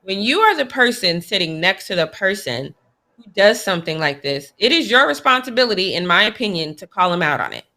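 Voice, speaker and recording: A woman's voice: medium pitch, very animated, a little fast, pushed and bright. A woman co-hosting a sports talk show, giving her opinions in casual, emphatic chat. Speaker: podcast co-host.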